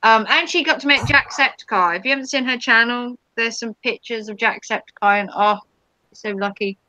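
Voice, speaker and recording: A woman's voice: a little high, a little fast, sharp tone, dry recording, rough recording. A woman hosting a casual live stream, chatting with viewers and reading their comments in a rambling way with many ums.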